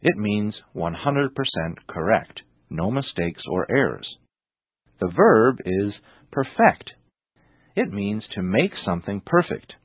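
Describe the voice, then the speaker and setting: Male English teacher, deliberate scripted delivery, heavy stress on key words; tinny lo-fi broadcast sound. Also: fairly low pitch, big pitch swings, dry recording. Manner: slow, deliberate, exaggerated stress on example words. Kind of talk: scripted language lesson. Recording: tinny narrow-band radio sound.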